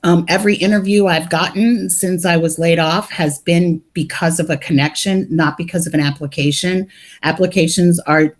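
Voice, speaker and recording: A talkative middle-aged woman with a somewhat low voice, speaking frankly on a video call. She mixes blunt advice with jokes about herself, in an open, conversational way. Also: fairly even intonation, moderate pace. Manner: candid, talkative, joking. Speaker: laid-off operations worker sharing in a support group. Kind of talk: casual group video call.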